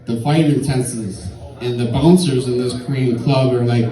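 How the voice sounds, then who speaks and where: A man's voice: mid-range voice, fairly even intonation, moderate pace, mellow, roomy sound, recorded from a distance, poor audio. A tipsy man telling a rambling, profane story in a stand-up set at a comedy club.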